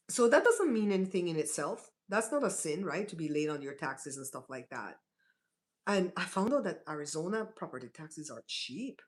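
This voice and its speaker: A woman hosting a casual live stream, chatting to her viewers and often checking in with "right?". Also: mid-range voice. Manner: chatty, talks straight to her chat with many "right?" asides.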